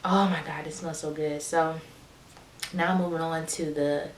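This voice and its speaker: A woman's voice: sits low, fairly even intonation, moderate pace, roomy sound, a little hiss or hum. A woman vlogger chatting casually and encouragingly to her viewers as she shows a hair routine. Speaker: beauty vlogger. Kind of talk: casual how-to chat.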